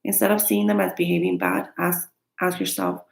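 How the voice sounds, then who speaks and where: A woman's voice: very deep voice, very animated, moderate pace. A woman talking to her viewers in an earnest, candid and frank self-help vlog. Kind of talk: motivational self-help talk. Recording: echoey room.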